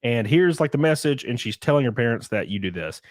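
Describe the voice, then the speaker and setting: A man's voice: mid-range voice, expressive, a little fast, dry recording, studio quality. A young man in casual podcast chat, telling rambling stories, swearing and laughing often.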